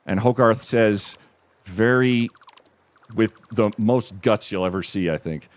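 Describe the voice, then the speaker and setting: A man streaming from home, retelling a film with excitement, restarting sentences and leaping up in pitch at the dramatic moments. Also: slow. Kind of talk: animated storytelling while gaming.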